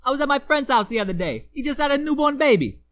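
A woman's voice: high-pitched, very animated, quick pace. A woman co-hosting a comedy podcast, trash-talking with brash, mocking, exaggerated outrage. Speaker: podcast co-host.

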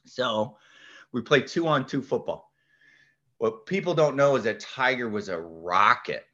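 A man spins an animated story as a podcast guest, his pitch leaping around as he acts out each voice and shouts the big moments. His voice is bright and ringing, though the recording sounds dull and lo-fi. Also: measured pace. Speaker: podcast guest, golf instructor.

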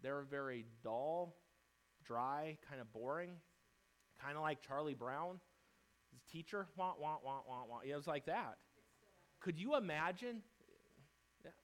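A male pastor preaching a fervent, emphatic sermon in church, swinging between loud declarations and quieter asides. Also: fairly high pitch, animated, unhurried, pauses often.

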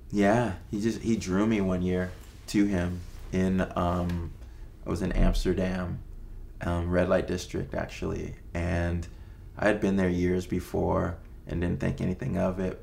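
Man in his fifties with a deep, gravelly voice. He is a laid-back interview guest who tells stories loosely and hushes his voice for quoted asides. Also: completely flat delivery, a little slow, a little hiss or hum. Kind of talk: casual storytelling interview.

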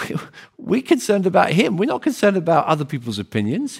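A man's voice: high voice, wildly swooping pitch, brisk, gravelly, darkish tone, slightly rough. A man preaching a sermon in an earnest, emphatic way, often repeating phrases and restarting words.

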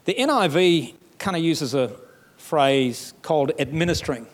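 Preaching a sermon in a fairly high voice, this male pastor has a Southern US accent and an animated, folksy, emphatic delivery. He talks at a normal speed and climbs into loud, rising passages.

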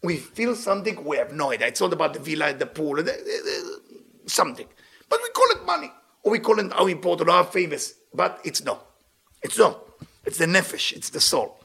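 Animated man. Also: fairly high pitch, brisk, vocal fry, slightly rough. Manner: animated, laughs while telling stories. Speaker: Torah teacher. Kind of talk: religious lecture with storytelling.

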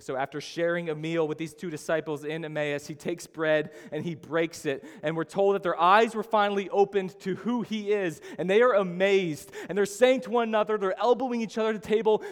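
A man preaching a sermon as a pastor, telling the story with sudden rises in pitch and volume. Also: brisk, few pauses, smooth. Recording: long hall reverb.

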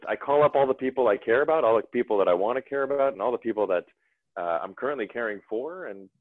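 A man talking casually as a podcast guest, animated and rambling with restarts. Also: medium pitch, husky, no echo. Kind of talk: casual conversation. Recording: dry, phone-like narrow sound.

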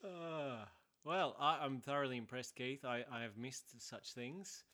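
A man's voice: mid-range voice, measured pace, pushed and bright. A man hosting a casual book chat who talks in a playful, theatrical way. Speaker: podcast host.

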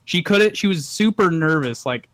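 A young man with a fairly high voice tells a long story in a loose, rambling way among friends. He swears freely and acts out the lines of the people in it. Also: animated, moderate pace, fairly bright tone, low-quality recording. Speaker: podcast co-host telling a story. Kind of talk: casual storytelling chat.

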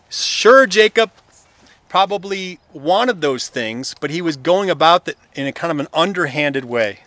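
A preacher talks through a sermon in a relaxed, conversational way, his pitch sitting a touch high. He speeds up and slows down freely, and he slips into the voices of the story's characters as he tells it. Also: no room sound.

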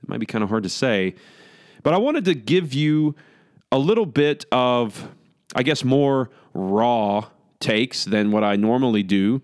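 A man with a slight lisp hosts a solo podcast, speaking casually in a rambling, self-deprecating way. His voice is smooth and clear, recorded dry and close with no room sound. He talks. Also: medium pitch, expressive, a little slow, no room sound. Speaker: podcast host.

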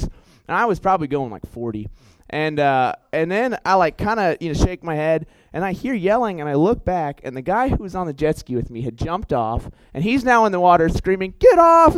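A young man giving a storytelling sermon in an animated, chatty way, full of fillers and self-corrections. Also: fairly high pitch, dry recording, rough recording. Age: young adult. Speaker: youth preacher.

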